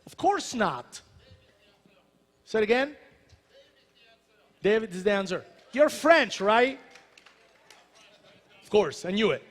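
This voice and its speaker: An Italian-accented man in his thirties speaks to a crowd in a large convention hall, with a fairly high voice. He jokes with the audience and drives his points home in an animated manner. His words ring out with the long echo of the big room. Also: slow pace, long pauses. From Italy. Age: 30s. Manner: joking, animated, addresses crowd directly. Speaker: celebrity chef speaker. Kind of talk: motivational talk to an audience. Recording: reverberant hall.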